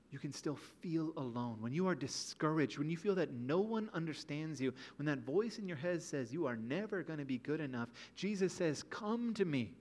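A man's voice: on the high side, darkish tone, slight background noise. A man preaching a sermon in an earnest, pleading way, full of rhetorical questions. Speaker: pastor.

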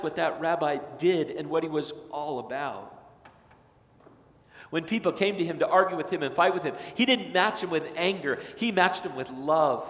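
Impassioned preacher in an echoing sanctuary. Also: male voice, a little high. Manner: impassioned, swings from loud emphatic peaks to hushed slow phrases. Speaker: pastor. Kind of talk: sermon. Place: church sanctuary.

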